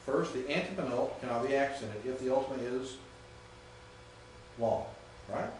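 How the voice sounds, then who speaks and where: A Greek teacher gives a classroom lecture, patient and often checking that his students follow. His voice sits in the mid range with a darkish tone and a moderate pace. The mic is distant in an echoey room, with slight background noise.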